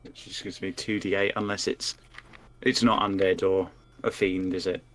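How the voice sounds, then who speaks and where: A man's voice: low-pitched, flat delivery, moderate pace, slight background noise. A man playing a tabletop game, thinking aloud and muttering as he rolls dice. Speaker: player.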